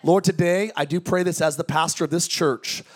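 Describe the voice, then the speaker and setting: A man preaching a lively sermon to his congregation, joking and calling out questions to the crowd. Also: fairly high pitch, moderate pace, breathy edge. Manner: energetic, joking preaching with audience call-outs. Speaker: pastor. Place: large tent church.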